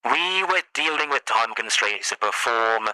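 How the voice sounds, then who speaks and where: A man's voice: mid-range voice, animated, unhurried, pushed and bright, smooth, no room sound, poor audio. A man voicing a male doctor under questioning, through a radio demon voice filter, with terse, defensive answers. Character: male doctor questioned after a deadly incident.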